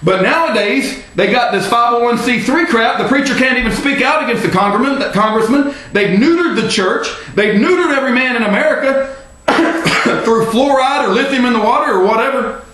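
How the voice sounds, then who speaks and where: A man delivering an angry, rambling monologue to camera, often shouting. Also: extremely high pitch, fairly quick. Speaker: political video blogger. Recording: very echoey room.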